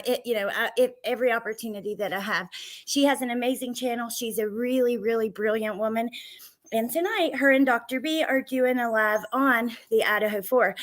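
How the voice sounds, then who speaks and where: A fairly high-voiced woman talks casually to her livestream audience. She greets viewers one after another in a chatty, friendly run of talk. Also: fairly bright tone. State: out of breath. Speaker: true crime livestream host.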